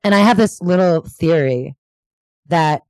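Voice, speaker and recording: A woman chatting casually as a podcast guest, animated and full of fillers. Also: lowish voice, measured pace, dry recording. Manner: animated, lots of "like" fillers, bursts of excitement. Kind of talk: casual chat.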